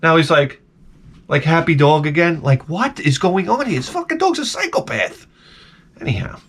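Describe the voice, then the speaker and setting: A man's voice: on the high side, sing-song, moderate pace, fairly bright tone, slightly rough. A man telling a rambling, profane story in a casual comedic rant to his vlog audience. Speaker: vlogger.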